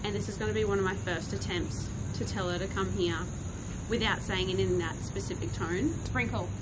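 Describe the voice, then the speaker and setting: A woman chatting casually outdoors in a backyard, vlogging while training her dog and calling to it in a high sing-song voice. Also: steady tone, fairly quick, heavy background noise. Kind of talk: casual vlog chat.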